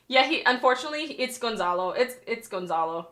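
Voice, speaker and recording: A woman's voice: a little high, expressive, moderate pace, sharp tone. A young woman streamer chatting casually with her viewers, often laughing and apologizing as she reads chat.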